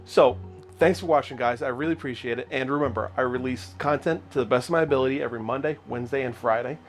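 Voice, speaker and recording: A male host speaks in an easygoing, relaxed way, wrapping up a casual chat. His voice sits at a middle pitch, and faint music plays behind him. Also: fast talker. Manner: easygoing, short agreeing replies. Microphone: lapel mic.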